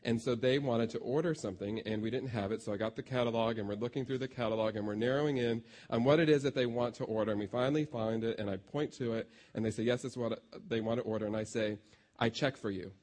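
A man's voice: medium pitch, fairly even intonation, fast, hardly any pauses, a little mellow. A man preaching a sermon as a pastor, conversational and self-deprecating as he tells stories to his congregation.

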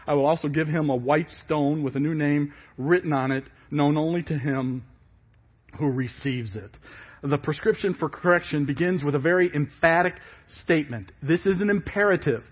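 A man preaching a sermon, emphatic and falling quiet at the ends of phrases. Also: fairly high pitch, moderate pace, slightly rough. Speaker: pastor. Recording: dull lo-fi church service audio.

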